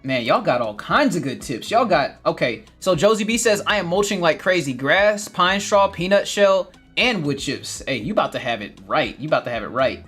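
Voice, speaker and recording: A man's voice: fairly high pitch, big pitch swings, normal speed, hardly any pauses, fairly bright tone, husky, faint music behind. A man hosting a gardening livestream, reading viewer comments in a casual chat, laughing often and repeating his phrases.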